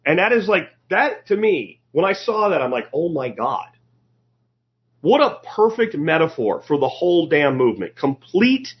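A man's voice: a little high, breathy edge. A man hosting a podcast, giving a sarcastic, opinionated commentary monologue that rambles with restarts. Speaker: podcast host. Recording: dull lo-fi recording.

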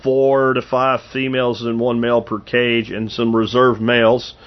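A man's voice: medium pitch, level tone, moderate pace, dull audio. A man in his fifties hosting a podcast, rambling casually through anecdotes with frequent restarts. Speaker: podcast host. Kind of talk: casual monologue.

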